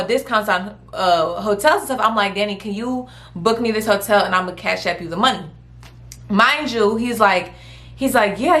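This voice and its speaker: A woman's voice: mid-range voice, fairly bright tone. A woman vlogger telling a storytime in a casual, blunt and profane way, exasperated, and acting out the other people's lines. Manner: quotes people in acted voices.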